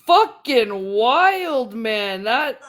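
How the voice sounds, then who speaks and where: A woman's voice: a little high, big pitch swings, drawn-out words, a bit bright. A woman ranting heatedly on her livestream, profane, combative and sarcastic. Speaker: livestream host.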